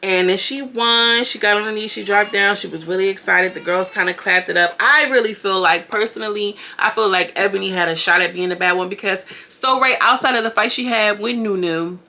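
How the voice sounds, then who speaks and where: Woman, casual TV recap, bright tone, lively, talks to viewers as y'all. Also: medium pitch, brisk, hardly any pauses. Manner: chatty, animated, addresses viewers as y'all. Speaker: reality TV commentator.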